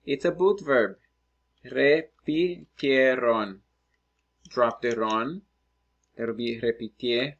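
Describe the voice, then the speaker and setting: A man teaching Spanish, working through practice exercises out loud and thinking aloud as he writes. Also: medium pitch, lo-fi sound. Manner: slow, patient, thinking aloud while writing. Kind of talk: screen-recorded lesson, working through exercises.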